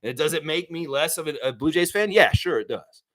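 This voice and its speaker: A man hosts a casual live stream, reading viewer comments and firing back blunt, profane takes. His voice sits somewhat high and leaps up and down as he talks. He speaks into a desk mic. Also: lively intonation, brisk, a bit bright. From United States.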